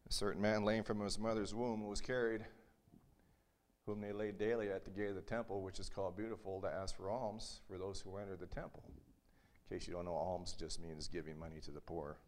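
A man's voice: deep voice, little pitch movement, brisk. A male pastor preaching a sermon in a conversational, storytelling way with humorous asides.

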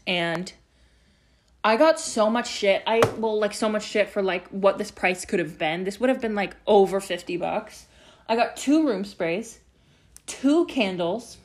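A woman's voice: mid-range voice, normal speed, background noise. A young woman hosting her own podcast from home, rambling casually with lots of fillers and swearing. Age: young adult. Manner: rambling and chatty, heavy use of "like" and swearing. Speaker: podcast host. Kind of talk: casual chat.

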